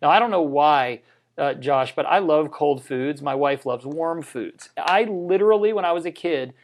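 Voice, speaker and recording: A man with a fairly high voice and a moderate pace co-hosts a live health show. He's enthusiastic, jokes between points, and shares personal anecdotes in casual health chat on a livestream.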